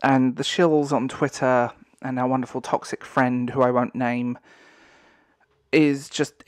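Slow-talking sarcastic male commentator. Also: medium pitch, steady tone, dry recording, studio quality. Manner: sarcastic, exasperated, breaks into disbelieving laughter. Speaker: online commentator. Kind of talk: ranting commentary.

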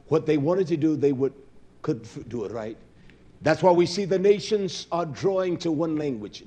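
A male preacher giving a sermon, impassioned, swinging between loud declaiming and low muttering.

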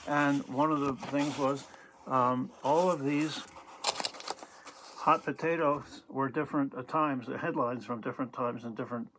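A co-host in a casual museum video, showing items from the collection in a rambling, halting way with many fillers. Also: medium pitch, fairly even intonation, noisy background.

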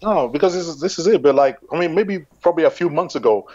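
A man's voice: a little high, expressive, fast talker, warm tone, no room sound, muffled recording. A man as a guest in an interview, speaking earnestly and reflectively in a rambling way. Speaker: guest bodybuilder. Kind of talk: casual interview chat.

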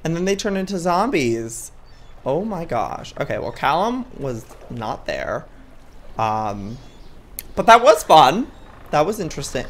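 Excitable male game commentator. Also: a little high, unhurried, a little hiss or hum. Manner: excitable, dramatic exclamations. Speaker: gaming channel host. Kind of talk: let's play commentary.

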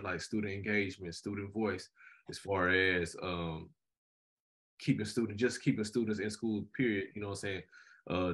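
A young man, a graduate student, co-hosting a casual podcast chat and telling stories animatedly. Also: on the low side. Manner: animated storyteller, frequent "you know what I'm saying".

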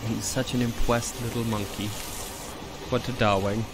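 A man's voice: medium pitch, normal speed. A man streaming a game, chatting playfully in a put-on cutesy uwu voice that turns his r sounds into w. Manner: playful, silly asides. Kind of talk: casual live-stream chat while gaming. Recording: steady background noise under the voice.

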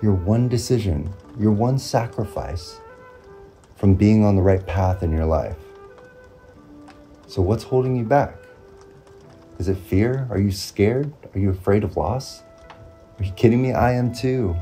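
Motivational vlogger, male, very low and dark voice, faint music underneath. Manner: earnest, repetitive, pausing often, drawn-out phrasing. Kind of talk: reflective motivational monologue.

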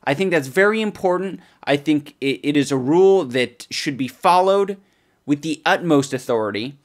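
Young male comedy vlogger: sarcastic, crude, lots of swearing, loud rants broken up by mumbled asides. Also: on the high side, lively intonation, moderate pace. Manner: crude, mocking, swears often; swings between loud outbursts and muttered asides. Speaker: comedy vlog host. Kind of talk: sarcastic comedic product review.

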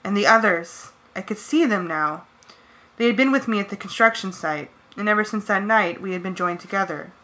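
Brief: woman narrator, first-person novel, tense and brisk, bright tone. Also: mid-range voice, rough recording. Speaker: audiobook reader.

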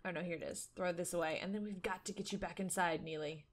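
A woman commentating a life-simulation game, chatty and excitable, talking to her viewers and to the characters on screen. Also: fairly low pitch, quick pace. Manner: excitable, squeals and laughs at surprises. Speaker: gaming YouTuber. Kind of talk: let's play commentary.

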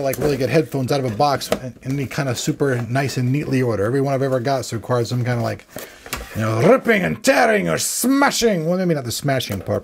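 A tech reviewer with a mid-range voice unboxes and reviews a gaming headset amid background noise. His commentary is chatty and rambling, and he jokes at his own expense.

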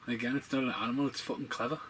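A man giving casual, profane, rambling commentary over a film, getting excitable as he talks. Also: mid-range voice, very fast, a little hiss or hum, poor audio.

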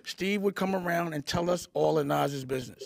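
High, gravelly-voiced man telling his side. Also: brisk, a little mellow, dry recording, clean studio sound. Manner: emphatic, repetitive, blunt, profane. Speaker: interview guest. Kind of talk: candid interview storytelling.

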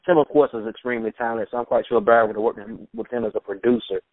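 A man's voice: medium pitch, steady tone. A man as an interview guest, telling stories in a laid-back way, laughing now and then. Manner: laid-back storytelling, quick laughs, mimics voices in anecdotes. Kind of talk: casual recollection over a phone interview. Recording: tinny phone line, dry.

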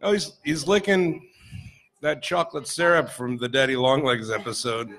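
A man's voice: mid-range voice, steady tone, moderate pace, a bit bright. Rambling, laughing male comedy host. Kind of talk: casual comedic chat.

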